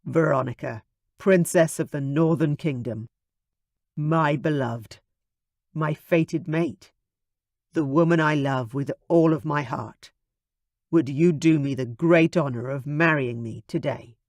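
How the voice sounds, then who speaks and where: A man's voice: fairly high pitch, slow pace, a little mellow, no room sound, studio quality. A man voicing a confident young man in love in an audiobook, earnest and tender.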